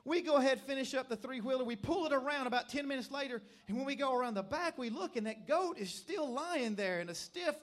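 A man's voice: very high voice, lively intonation, fairly quick, hardly any pauses. A middle-aged man with a Tennessee accent, preaching a revival sermon in a church and telling stories emphatically. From Middle Tennessee, USA. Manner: emphatic, storytelling preacher who builds to shouted calls. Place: church service.

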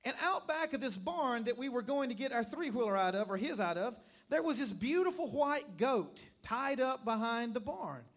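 Preaching a revival sermon in church, this middle-aged Middle Tennessee man speaks with a very high pitch and lively intonation. He keeps a normal speed with few pauses, telling stories emphatically and working up to shouted calls.

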